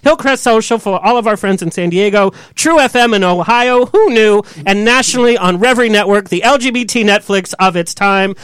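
A man's voice: high voice, brisk, hardly any pauses, a bit bright, smooth. A man hosting a chat show, giggly and gushing, talking casually with lots of "like". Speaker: podcast host.

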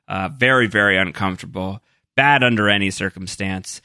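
A man's voice: on the low side, normal speed, sharp tone, clean tone, no echo, studio quality. A man co-hosting a podcast, chatting casually and recapping TV scenes with many fillers. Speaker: podcast co-host. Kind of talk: casual chat.

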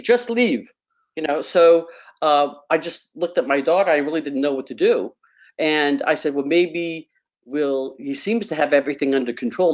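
Middle-aged woman, panel guest, animated storytelling, acted-out quotes, dull lo-fi audio. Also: sits low. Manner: animated storyteller, repeats words, acts out quotes. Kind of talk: storytelling on a radio talk panel.

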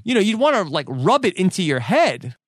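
A man with a fairly high voice chats casually as a podcast co-host, walking through scenes and acting out quoted lines. He leans on "like" as he talks, and the sound is close and dry with no room around it. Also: very animated, a little fast, no echo. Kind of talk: casual chat.

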